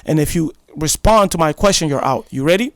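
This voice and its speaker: A male podcast co-host, bantering loudly and boastfully with frequent laughter. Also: a little high, lively intonation, brisk, no room sound, studio quality.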